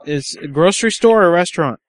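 A man's voice: on the high side, animated, a little fast, dry recording. A man making crude prank phone calls, teasing and sweet-talking the people on the line. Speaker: prank caller.

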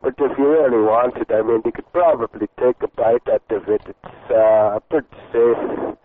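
A man's voice: mid-range voice, steady tone, moderate pace, a little hiss or hum. A man making a prank phone call, crude and rambling, full of hesitations and mock politeness. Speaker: prank caller. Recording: tinny phone-like line.

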